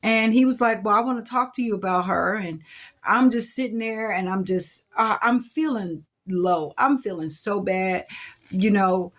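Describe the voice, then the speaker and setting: A middle-aged woman speaks straight to camera. She recounts her past in a reflective, emotional way, with sighs and restarts. Her voice sits at a typical pitch for a woman. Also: moderate pace, a bit bright. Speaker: vlogger telling her life story. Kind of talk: personal storytelling to camera. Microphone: camera mic.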